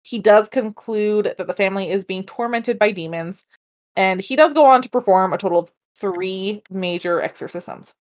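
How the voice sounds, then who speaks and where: A woman in an easy podcast chat, working through a haunted-house case step by step. She talks loosely, drifts off on asides and breaks into laughter often. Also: mid-range voice. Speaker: podcast co-host telling a paranormal case. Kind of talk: casual storytelling chat.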